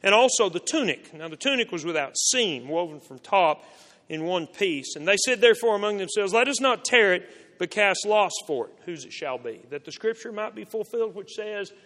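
A man reading scripture aloud in a measured, solemn way. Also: high-pitched, lively intonation, fairly bright tone. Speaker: scripture reader. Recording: long hall reverb.

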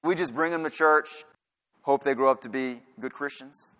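Man, pastor, sermon, rhetorical questions, emphatic repetition, bright forceful voice, long church-hall reverb. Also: mid-range voice, moderate pace.

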